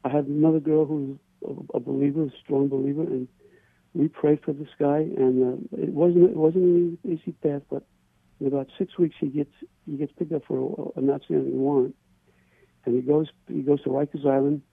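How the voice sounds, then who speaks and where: Guy on a phone call, gravelly husky voice, halting earnest storytelling, tinny line. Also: on the high side, little pitch movement, no echo. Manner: earnest, halting, many repeated words. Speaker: caller. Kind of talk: telling a personal story. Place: on a phone call to a radio show.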